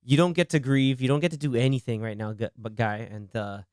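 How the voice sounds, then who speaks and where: A young man hosting a casual movie podcast, excitedly retelling scenes and acting out the lines. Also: medium pitch, fairly quick, smooth, dry recording, clean studio sound. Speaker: podcast host.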